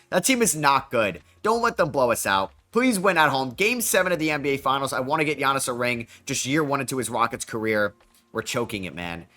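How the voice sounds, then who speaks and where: A young man commentating his basketball video game as he plays, excitable and quick to groan and yell at bad plays. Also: mid-range voice. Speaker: gaming YouTuber. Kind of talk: game commentary while playing.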